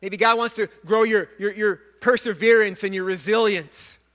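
A male pastor preaching a sermon, earnest and animated, stumbling over repeated words and joking about himself. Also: high-pitched, normal speed. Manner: self-deprecating humor.

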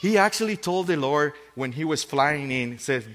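Earnest preaching man with halting restarts. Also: on the high side, animated, fairly bright tone, in a large hall. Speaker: pastor. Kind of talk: sermon.

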